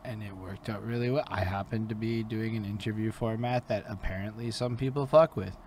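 Low-voiced man, casual profane host. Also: brisk, a little hiss or hum. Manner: loose and profane, voice rises when animated. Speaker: host and interviewer. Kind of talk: casual podcast chat.

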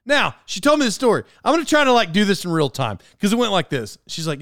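Smooth-voiced man telling rambling stories. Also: sits high, quick pace, hardly any pauses, no room sound, studio quality. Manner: rambling, animated, laughs at his own story. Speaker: podcast host. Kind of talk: casual storytelling monologue.

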